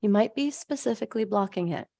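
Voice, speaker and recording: A woman's voice: mid-range voice, lively intonation, fast talker, creaky, mellow, no room sound, clean studio sound. A woman hosting a live stream, chatting with viewers as she answers their comments, laughing often and acting out voices in her stories. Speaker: host of a live stream, abundance coach.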